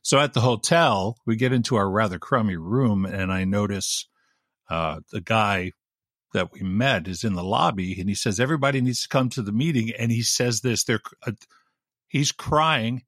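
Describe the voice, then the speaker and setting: A man who works in radio, telling animated, wry anecdotes in a casual chat. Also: fairly low pitch, a little slow, dry recording, clean studio sound. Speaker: radio DJ guest.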